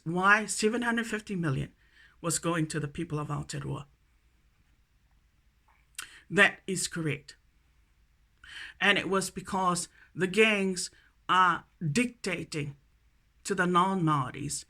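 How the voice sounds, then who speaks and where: A woman delivering a profane, angry rant, repeating a refrain and swinging from low muttering to shouting. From New Zealand.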